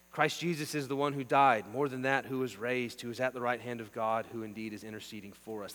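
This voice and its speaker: A man preaching a sermon, emphatic and rhythmic, swinging between hushed passages and forceful declarations. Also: fairly high pitch. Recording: long reverb with mains hum.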